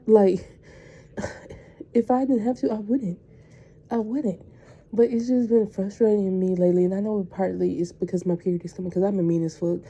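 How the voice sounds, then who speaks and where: A woman's voice: mid-range voice, mellow, husky. A young woman, a teacher and coach, venting bluntly and profanely about her school year in a casual vlog.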